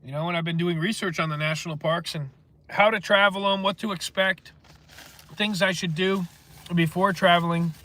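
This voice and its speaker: Bright-voiced stuffy-nosed man rambling earnestly. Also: high-pitched, fairly even intonation, moderate pace. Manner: earnest, meandering, heavy with filler words. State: stuffy nose. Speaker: livestream host reading viewer comments. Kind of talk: rambling casual monologue.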